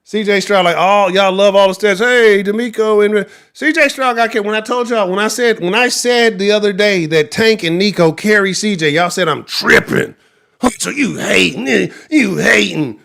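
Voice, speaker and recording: Brief: Houston-accented male sports show host, higher voice, angry profane livestream rant. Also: normal speed, hardly any pauses, smooth. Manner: angry, profane, animated ranting.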